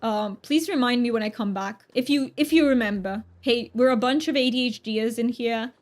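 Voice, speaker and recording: A woman's voice: a little high, extremely slow, mellow. A woman streamer chatting to her viewers in a playful, self-mocking fake British accent, giggling between remarks. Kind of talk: casual live-stream chat.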